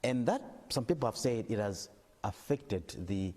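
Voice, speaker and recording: A man hosts a TV interview and asks his questions at a measured pace. His voice sits low, and it carries a long reverb. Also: expressive, a little mellow. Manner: measured, with short backchannel replies. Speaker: TV anchor, interviewer. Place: TV interview set.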